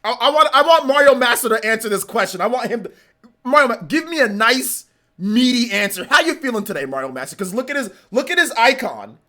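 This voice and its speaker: A man's voice: extremely high pitch, expressive, brisk, bright, forceful tone. A man hosting a livestream, chatting casually with viewers and teasing them in mock anger. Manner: playful mock-angry teasing of chat. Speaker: livestream host.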